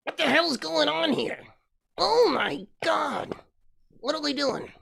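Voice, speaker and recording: A man doing a ventriloquist act, voicing a grumpy, insulting male puppet with a squawky, gravelly voice. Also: extremely high pitch, expressive, slow pace, bright, forceful tone, pitched above the performer's own voice, full character voice. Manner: cranky, insulting, whiny. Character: grumpy cranky male puppet, crooked-eyed, rude.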